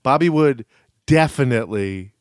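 A man's voice: medium pitch, animated, moderate pace, no echo, studio quality. A man co-hosting a podcast, chatting casually with jokey, sarcastic asides. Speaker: podcast co-host. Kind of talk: casual comedic chat.

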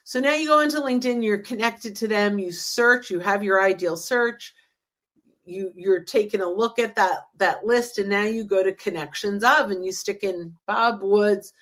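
A woman's voice: mid-range voice, normal speed, fairly bright tone. A woman, a sales trainer, chatting casually on a podcast, eagerly explaining her method and acting out sample conversations. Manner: enthusiastic, acts out example dialogue. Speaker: LinkedIn sales trainer, guest.

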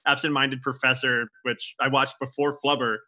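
A man's voice: medium pitch, level tone, moderate pace, sharp tone. A man co-hosting a casual podcast about old films, chatty and self-deprecating, giggling between thoughts. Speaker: podcast co-host. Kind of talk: casual film discussion.

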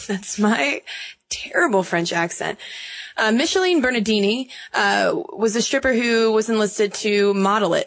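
A young woman co-hosting a podcast, chatty and wry, laughing easily as she talks. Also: on the high side. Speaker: podcast co-host. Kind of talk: casual chat.

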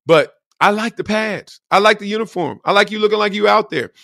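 A man's voice: sits high, a little fast, vocal fry, bright, forceful tone, no room sound, clean studio sound. A middle-aged man hosting a casual sports show, talking in slang and acting out quotes in different voices. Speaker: host.

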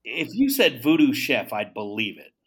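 A man's voice: mid-range voice, sing-song, normal speed, breathy edge. A man quoting a blunt graphic artist. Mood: frank. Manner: matter-of-fact, plain-spoken.

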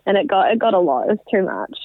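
A woman's voice: mid-range voice, sing-song, fast, no room sound. A woman in her twenties, a guest telling her story in a casual interview, with lots of "like" and "um". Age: 20s. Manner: chatty, many likes and ums. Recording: tinny phone line.

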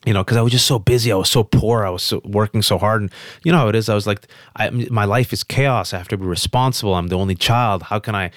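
A man's voice: lowish voice, no room sound, clean studio sound. Emphatic man telling a personal story. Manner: emphatic, fast restarts, animated quotes. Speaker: guest on a podcast.

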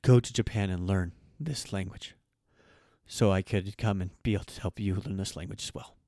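A man's voice: sits low, moderate pace, warm tone, no room sound, studio quality. A man hosting a podcast, speaking heartfelt thanks with emotion and frequent hesitations. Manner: emotional, hesitant with many ums. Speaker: podcast host.

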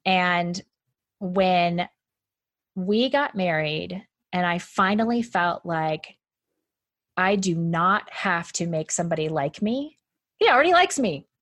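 A woman's voice: fairly low pitch, lively intonation, slow pace, fairly bright tone, no room sound. A woman talking as a podcast guest in a casual, chatty conversation, with lots of "like" fillers and frequent laughs.

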